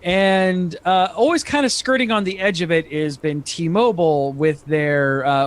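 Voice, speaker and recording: A man talking as a podcast guest in casual chat, halting often with fillers and restarts. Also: a little high.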